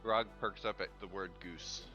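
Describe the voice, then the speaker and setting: Slow-talking low guy in a tabletop game, muffled mic, music in the back. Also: steady tone. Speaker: player. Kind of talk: casual tabletop role-play.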